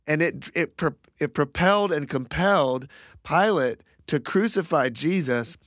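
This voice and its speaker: A man in a casual faith discussion works slowly through his thoughts, pausing and restarting often. His voice sits a little high. The sound is dry and close, with no room around it. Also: lively intonation, fairly bright tone, no echo. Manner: reflective, halting, many fillers and restarts. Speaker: Bible discussion co-host.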